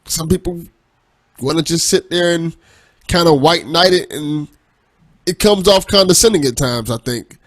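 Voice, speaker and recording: A man's voice: on the high side, fairly bright tone, dry recording. Laid-back man agreeing on a podcast. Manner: agreeing, measured, occasionally profane. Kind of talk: casual podcast chat.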